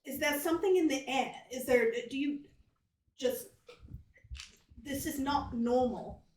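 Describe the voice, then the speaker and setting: Woman doing her freaked out adventurer girl, halting and frantic, a bit far off in an echoey room. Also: high-pitched, a little mellow, voice pushed up. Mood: panicked. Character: rattled young woman adventurer in panic. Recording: echoey room, distant mic, faint noise.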